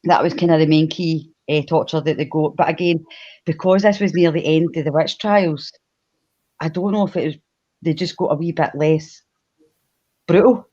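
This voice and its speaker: A woman's voice: deep voice, moderate pace, dark tone, highs cut off. A woman with a Glasgow accent, co-hosting a live stream, chatty and laughing often as she tells a history story and greets the chat. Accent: Glaswegian. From Scotland. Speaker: podcast co-host. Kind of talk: casual livestream storytelling.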